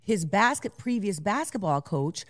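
A middle-aged woman co-hosting a casual chat, telling animated stories, swearing freely and laughing often. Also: mid-range voice, unhurried.

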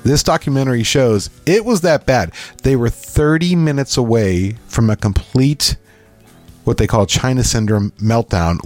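A middle-aged man from Pennsylvania, co-hosting a podcast and telling stories in casual chat, acting out quotes with lively animation. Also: fairly low pitch. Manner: animated storyteller, acts out quotes. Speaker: podcast co-host.

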